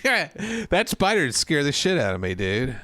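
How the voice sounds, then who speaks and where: A man co-hosting a comedy podcast, playful and quick to laugh. His voice is bright and sharp, a little higher than most men's, with a lively swing in pitch. The recording is dry and close. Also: dry recording. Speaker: podcast co-host. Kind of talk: casual comedic chat.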